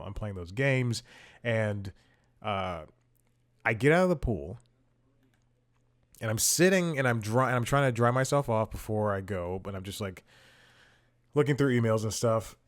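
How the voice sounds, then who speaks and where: Rambling casual male show host. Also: fairly low pitch. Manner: rambling, self-interrupting storyteller. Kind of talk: casual comedic monologue.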